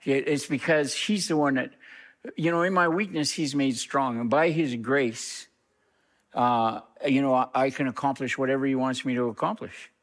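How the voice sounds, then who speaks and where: A middle-aged reverend, a man, telling a story in an interview, lively and acting out what others said. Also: moderate pace. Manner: animated storyteller, acts out quoted speech with big pitch jumps.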